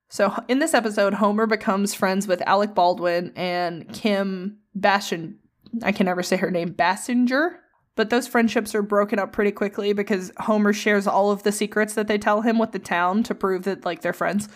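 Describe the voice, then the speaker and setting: A woman co-hosting a podcast, telling stories in a chatty, casual way with frequent swearing and quick asides. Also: mid-range voice. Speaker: podcast co-host.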